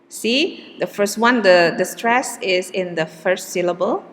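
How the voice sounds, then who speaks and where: Slow patient woman teacher, reverberant hall. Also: medium pitch. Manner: slow and patient, repeats words with exaggerated stress. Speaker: English teacher. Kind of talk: recorded pronunciation lecture.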